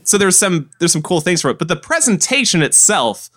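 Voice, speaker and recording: Guy in his 20s venting on a podcast, super lively up-and-down voice, keeps asking how dumb do you think i am type stuff. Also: high voice, fairly quick. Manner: exasperated, animated, rhetorical questions. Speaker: podcast co-host. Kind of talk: casual ranting chat.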